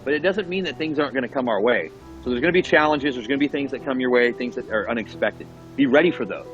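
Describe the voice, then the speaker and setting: A man, a podcast guest, telling his recovery story in an earnest, animated way, often checking in with the listener and restarting words. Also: medium pitch, dull audio, faint music behind. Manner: earnest, animated, keeps checking in with "right?" and "you know what I mean?"; repeats and restarts words when going fast. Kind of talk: casual conversational storytelling.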